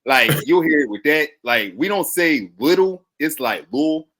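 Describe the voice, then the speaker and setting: A man's voice: medium pitch, expressive, moderate pace, pushed and bright. A young man from Maryland with a Maryland accent, chatting bluntly and laughing often as a podcast guest. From Maryland, USA. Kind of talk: casual chat.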